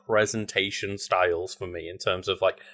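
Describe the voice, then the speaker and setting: Low-voiced man rambling casually. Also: moderate pace, creaky. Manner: relaxed, rambling, many fillers. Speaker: podcast co-host. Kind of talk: casual chat.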